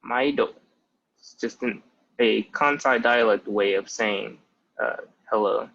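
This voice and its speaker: A man's voice: mid-range voice, fairly bright tone. A young man in his twenties giving a casual spoken language lesson, explaining step by step and often starting with "so" and "basically.". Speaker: language tutor. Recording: muffled lo-fi audio.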